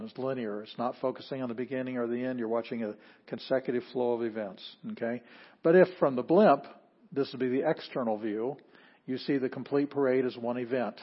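Husky man teaching a class. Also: mid-range voice. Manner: explains plainly, then leads a slow read-aloud. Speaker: Greek teacher. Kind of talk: classroom lecture. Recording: dull lo-fi classroom recording.

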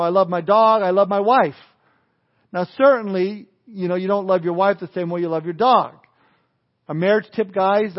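A man's voice: high-pitched, muffled recording. A middle-aged man preaching a sermon, mixing scripture with folksy jokes and asides. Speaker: pastor.

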